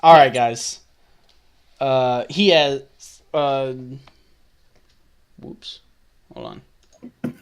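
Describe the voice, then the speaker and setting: Slow, halting man. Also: mid-range voice, vocal fry, clean tone. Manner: halting, hesitant narration. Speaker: dungeon master. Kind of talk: narrating a tabletop game.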